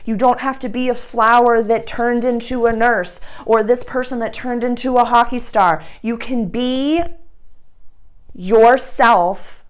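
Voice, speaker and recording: A woman's voice: a little high, steady tone, moderate pace, few pauses, clean tone. A woman giving an intuitive astrology reading, affectionate and rambling, calling the listener dear and honey, with the odd blunt swear word. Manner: tender and rambling, full of "like". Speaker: astrology reader.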